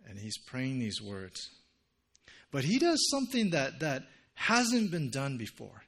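A man delivers a sermon in an earnest, conversational manner. His voice sits at an everyday middle pitch. He often drops into a hushed, intimate register. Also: huge pitch swings, measured pace. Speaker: pastor.

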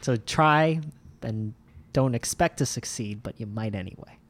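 A man's voice: mid-range voice, measured pace. A man with a mid-range voice co-hosts a casual podcast. He sounds easygoing and jokes lightly as he chats. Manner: easygoing, joking. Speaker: podcast co-host. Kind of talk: casual chat.

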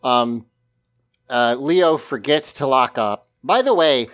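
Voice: mid-range voice, animated, slow pace. A podcast co-host recapping an episode in casual chat, swearing freely and acting out characters' lines.

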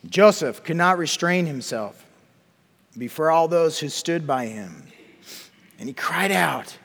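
A man's voice: on the high side, expressive, slow, vocal fry, long pauses, a bit bright, in a large hall. A man preaching a sermon and reading scripture aloud, often repeating words and putting questions to his listeners. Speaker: pastor.

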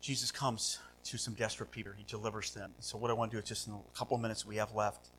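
A male pastor preaching a sermon, asking rhetorical questions and swinging between loud, animated passages and hushed ones. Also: on the low side, fast talker, slight background noise, poor audio. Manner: rhetorical questions, repeats words.

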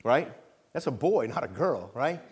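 A middle-aged man preaching a conversational sermon in a church, often checking in with the congregation and slowing down to stress scripture. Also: medium pitch, very animated, darkish tone, breathy edge. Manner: conversational preaching with frequent call-and-response checks; slows down to stress scripture phrases. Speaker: pastor. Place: church sanctuary.

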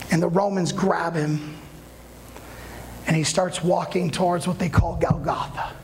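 A man preaching, retelling a story with dramatic swings from hushed lines to shouts and speaking straight to his listeners. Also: sits high, little pitch movement, a little slow, slight background noise. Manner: addresses listeners directly. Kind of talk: sermon storytelling.

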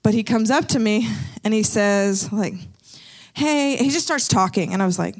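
A woman sharing a casual faith testimony in an animated, rambling storytelling manner, laughing often as she goes. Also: mid-range voice, a little fast.

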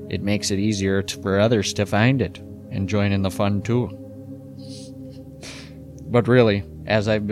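A man voicing a smooth, low-voiced male promo announcer with a slow, crooning, mock-sincere delivery. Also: close to an everyday voice. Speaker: podcast host.

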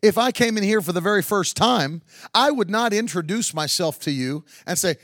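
A man preaching a sermon. He swings from chatty, joking stretches up to shouted, sing-song peaks full of woos and hallelujahs. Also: sits high, lively intonation, normal speed, no echo, studio quality.

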